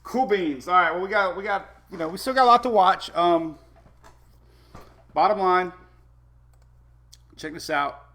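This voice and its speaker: A man's voice: high-pitched, expressive, a little slow, pauses often, bright, forceful tone. A man hosting a casual weather live stream, chatty, laughing often and talking to his dogs between updates.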